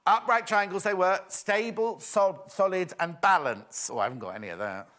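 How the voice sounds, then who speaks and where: A man's voice: sits high, animated, moderate pace, fairly bright tone. A man hosting a live shopping show, chatty and self-mocking, often giggling at his own jokes. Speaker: shopping channel presenter. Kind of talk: live TV sales chat.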